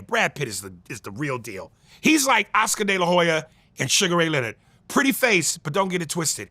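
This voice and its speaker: A loud, animated man riffing in a casual interview, his pitch swinging high and low. His voice is bright and forceful, and the room is dry and close. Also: moderate pace, hardly any pauses, dry recording. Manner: animated, loud and profane, breaks into accent impressions. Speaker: comedian guest.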